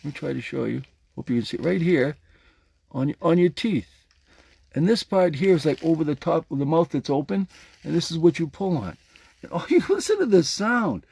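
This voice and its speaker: Male podcast host, husky and mellow, playful and animated in casual motivational talk. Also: on the high side, normal speed, dry recording. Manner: animated, playful, demonstrating a jaw harp.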